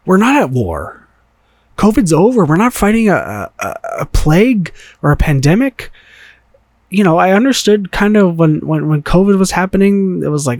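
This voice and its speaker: A frustrated man hosts a solo opinion rant, swearing and hammering the same rhetorical questions again and again. His voice sits a little higher than most men's. The sound is dry and close, with no room echo. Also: animated, moderate pace. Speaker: podcast host.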